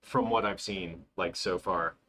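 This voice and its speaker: Young male streamer, chatty and excitable, rambles with lots of fillers. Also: deep voice, unhurried, slight background noise. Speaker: livestream host. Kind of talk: casual livestream chat.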